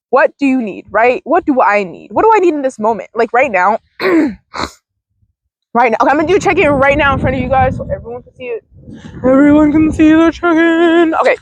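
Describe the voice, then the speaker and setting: A chatty young woman with a fairly high voice rambles through mindfulness tips in a casual, swear-sprinkled way. She talks outdoors into a handheld phone, and the sound is close and dry. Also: no room sound, poor audio. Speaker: mindfulness vlogger. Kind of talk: casual rambling self-help talk. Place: outdoors in a field.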